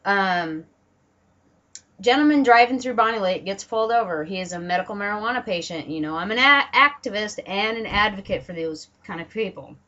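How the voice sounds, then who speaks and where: In a pushed, bright, medium-pitched voice, a woman speaks fairly quickly with lively intonation, though the audio is dull. She's a political vlogger from Washington State ranting angrily and profanely at home, complete with sarcastic mock quotes and dogs barking close by.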